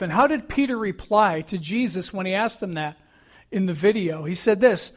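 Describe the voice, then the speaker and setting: A man's voice: high-pitched, brisk. A middle-aged man preaching a sermon as pastor, earnest and emphatic, repeating key phrases.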